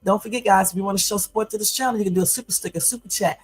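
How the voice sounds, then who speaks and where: A woman's voice: mid-range voice, rapid-fire, breathy edge, soft background music, poor audio. A woman in her fifties hosting a casual livestream from home, chatty and full of fillers, turning blunt and confrontational. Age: 50s. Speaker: YouTube livestream host.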